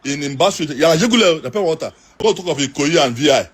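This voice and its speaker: A middle-aged Nigerian man with a husky voice, telling earnest stories and pleading with his listeners. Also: fairly high pitch, lively intonation, fast talker. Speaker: interviewee. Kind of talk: emotional storytelling.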